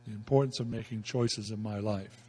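Emphatic folksy preacher in a reverberant hall. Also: male voice, fairly low pitch, steady tone, moderate pace, warm tone, husky. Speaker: pastor. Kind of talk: sermon.

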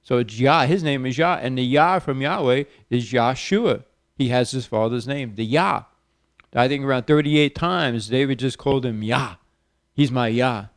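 A man preaching on the radio, reading scripture with raised emphasis and praying softly. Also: medium pitch, moderate pace, no room sound, clean studio sound. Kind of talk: sermon with Bible reading and prayer.

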